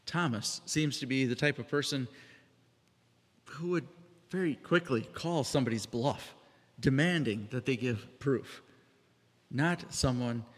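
A man delivers a sermon in a relaxed, conversational tone, at times slipping into other voices for the people he quotes. His voice sits at an ordinary middle pitch. It rings out with a long reverb, as if he is speaking in a large hall. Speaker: preacher.

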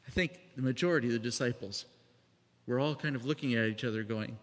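A man with a mid-range voice preaches quickly but conversationally, sometimes performing the voices of those he quotes. The recording has the reverb of a large hall.

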